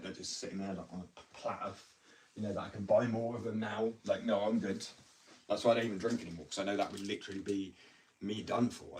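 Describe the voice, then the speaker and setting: Heard from a distance on a poor recording, this low-pitched man chats loosely on a livestream about addiction. His talk is joking and full of slang, and he keeps interrupting himself.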